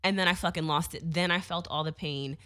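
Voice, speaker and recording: Young woman, lower voice, loose and animated anecdote delivery with frequent filler words and swearing. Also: brisk. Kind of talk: casual storytelling.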